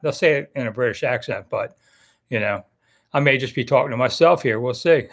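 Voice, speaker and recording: Middle-aged man, chatty live-stream host, slightly high voice, rambling, self-deprecating. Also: very animated, a little fast, fairly bright tone. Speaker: sports talk show host. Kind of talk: casual live-stream commentary.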